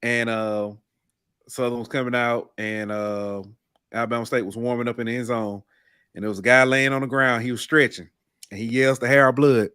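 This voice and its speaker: A man co-hosting a casual sports podcast, telling game-day stories with lively swings in pitch and loudness. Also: moderate pace, smooth, no room sound, studio quality. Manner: animated storytelling, rises in pitch and volume when excited. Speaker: podcast co-host.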